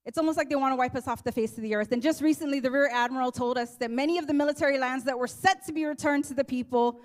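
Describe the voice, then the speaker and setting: A woman's voice: high voice, very fast. A woman from Guam speaking at a teach-in, an earnest and impassioned activist giving a rally speech. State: emotional, near tears. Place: teach-in event hall.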